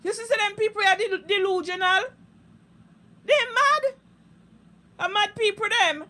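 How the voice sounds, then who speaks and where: Jamaican woman with a high, piercing voice, ranting live in thick Patois, heated and foul-mouthed. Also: steady tone, fairly quick, bright, forceful tone. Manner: heated, profane, repetitive ranting. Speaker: social media live streamer. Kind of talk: unscripted live-stream rant.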